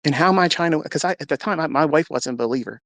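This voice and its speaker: Gravelly man telling a personal testimony. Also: fairly high pitch, racing, fairly bright tone, no room sound. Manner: earnest storytelling, reenacting his own past words; religious. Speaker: trading mentor. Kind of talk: personal testimony told to an audio-chat audience.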